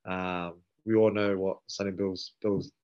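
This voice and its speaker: A man with a New Zealand accent, a rugby player and podcast guest telling stories in a relaxed, slangy way that acts out the dialogue. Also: deep voice, a little slow. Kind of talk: casual storytelling. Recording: dull lo-fi sound.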